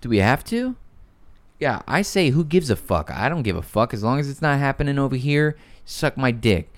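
A man's voice: medium pitch, big pitch swings, moderate pace. A man hosting a podcast, talking in brash, crude, teasing banter with his co-hosts. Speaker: podcast host.

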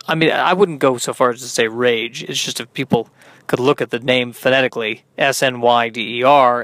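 A tired man, a comedian, hosting his own podcast in a rambling, halting, self-deprecating monologue. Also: medium pitch, fairly even intonation, gravelly, a bit bright, dry recording. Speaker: podcast host and stand-up comedian.

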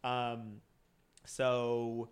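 A man's voice: medium pitch, monotone, very slow, smooth. A man co-hosting a casual podcast, retelling a crime case from his notes with plenty of fillers and restarts. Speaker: podcast co-host.

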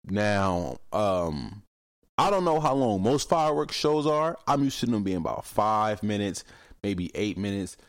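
A man's voice: on the low side, a little slow, no echo, clean studio sound. A young man hosting a casual solo podcast, telling stories bluntly, cursing freely and mimicking how other people talk. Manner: animated storytelling, mimics other people's voices. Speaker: podcast host.

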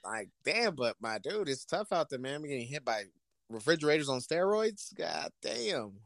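This man's voice sits a little high and moves at a normal speed, recorded without room sound. Co-hosting a podcast, he bants about football with plenty of swearing, lively energy, and made-up dialogues performed in various voices.

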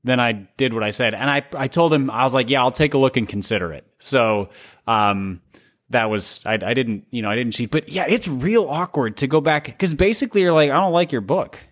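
A man co-hosts a podcast in relaxed chat, his voice sitting at an ordinary middle pitch. He talks in stops and restarts, circling back on his words with a wry edge. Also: a little fast. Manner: hesitant, restarts often, wry. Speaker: podcast co-host. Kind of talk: casual chat.

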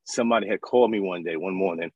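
A man in his thirties from New York, telling his life story as an interview guest in an animated, casual way. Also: sits low, quick pace, husky, no room sound, lo-fi sound. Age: 30s. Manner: animated, acts out voices in his stories.

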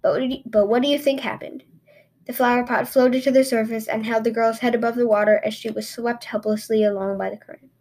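A woman reads fairy tales aloud for her podcast in a slightly high voice. She tells the story expressively, with the odd stumble and restart. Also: fairly even intonation, fast talker, darkish tone. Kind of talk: fairy tale reading.

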